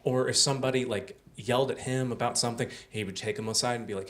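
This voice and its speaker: A young man tells a personal story live on a small theater stage, chatting conversationally and filling his speech with "like" and "uh." His medium-pitched voice is fast and fairly even in intonation, with hardly any pauses.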